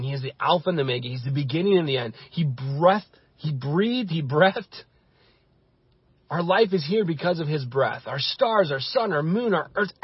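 A man's voice: a little high, breathy edge, dry recording, highs cut off. A male pastor giving an impassioned sermon, building his points through repeated phrases.

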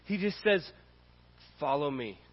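A man's voice: a little high, expressive, unhurried. A man preaching a sermon as pastor, earnest and repetitive in his cadence. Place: church sanctuary. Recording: dull audio in a reverberant hall.

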